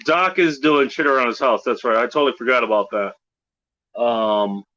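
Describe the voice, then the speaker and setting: A man's voice: mid-range voice, normal speed, bright, forceful tone. A man hosting a casual livestream, rambling and profane as he talks with a caller and his chat. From Pacific Northwest of the US. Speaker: livestream host. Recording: dull lo-fi stream audio.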